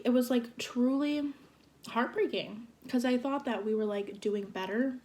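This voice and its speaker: A young woman in her twenties telling a storytime vlog in an animated, exasperated way. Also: on the high side. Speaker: vlogger. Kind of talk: storytime vlog while eating.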